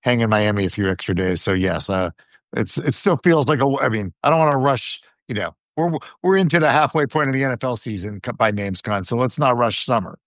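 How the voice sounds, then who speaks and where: A man's voice: medium pitch, lively intonation, a little fast, dry recording, clean studio sound. A man co-hosting a casual podcast chat, easygoing and chatty. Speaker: podcast co-host.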